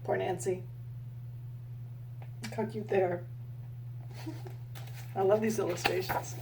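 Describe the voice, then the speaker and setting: In a slow, mid-range voice, a woman gives an expressive storytime reading of a children's picture book, stopping to ask questions and make comments. Slight background noise can be heard.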